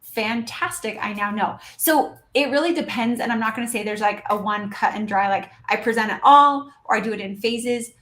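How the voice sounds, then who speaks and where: High-voiced, animated woman coaching. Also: moderate pace, few pauses. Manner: animated, acting out patient and dentist dialogue. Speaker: dental practice consultant, podcast guest. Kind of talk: coaching advice in a podcast conversation.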